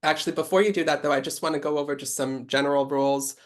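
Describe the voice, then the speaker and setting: Businesslike host, video call, runs through rules quickly. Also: mid-range voice, steady tone. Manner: brisk, businesslike rule-giving. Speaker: game host. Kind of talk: hosting an online game over video call.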